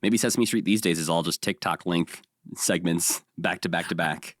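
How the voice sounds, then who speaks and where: A man's voice: deep voice, moderate pace, no room sound, studio quality. A man co-hosting a podcast, chatting casually and laughing easily as he recaps episodes. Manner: easygoing, laughs often. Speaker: podcast co-host.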